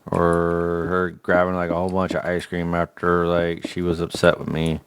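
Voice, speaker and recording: A man's voice: deep voice, monotone, moderate pace, clean tone. A man livestreaming a game, chatting casually in a slangy, joking rant. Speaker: gaming livestreamer. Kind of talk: casual chat while gaming.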